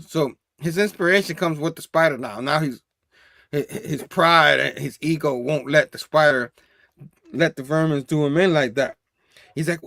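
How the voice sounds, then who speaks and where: Animated man reviewing comics. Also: a little high, normal speed, gravelly, no echo, studio quality. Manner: animated, laughs often, acts out dialogue. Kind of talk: casual comic book review.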